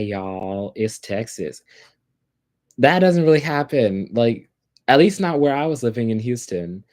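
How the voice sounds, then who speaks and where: Rambling man with a low voice. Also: a little mellow. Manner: rambling, filler-heavy, chatty. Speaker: livestream host. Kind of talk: casual livestream chat.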